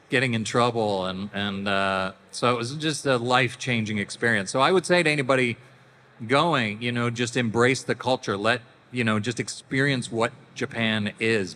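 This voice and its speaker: A middle-aged man from Canada speaks as a convention panel guest. His voice is bright and forceful, and he tells anecdotes with laughter and little acted-out voices. Long hall reverb and a faint hiss sit around him. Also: medium pitch. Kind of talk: casual storytelling to an audience.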